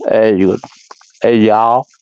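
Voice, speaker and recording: A man's voice: fairly low pitch, steady tone, slow pace, slight background noise, pitched above the performer's own voice. A man voicing a brash, friendly American soldier who drawls and swears, in slightly dull lo-fi audio. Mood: boisterous.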